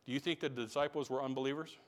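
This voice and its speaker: A man preaching a sermon, swinging between booming emphasis and hushed asides and repeating phrases to drive points home. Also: steady tone, rapid-fire. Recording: long reverb of a large hall.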